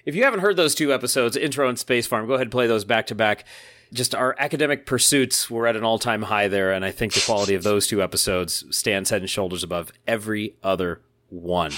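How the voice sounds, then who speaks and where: A man's voice: lowish voice, quick pace, a bit bright. A man hosting a podcast in casual chat, upbeat and jokey, reading listener mail aloud. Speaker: podcast host.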